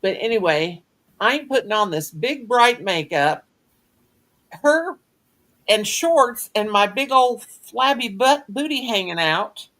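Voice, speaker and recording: A woman's voice: medium pitch, expressive, takes it slowly, fairly bright tone. Folksy storytelling woman. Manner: folksy storyteller, earthy and blunt. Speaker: craft stream host. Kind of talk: casual chat on a live stream.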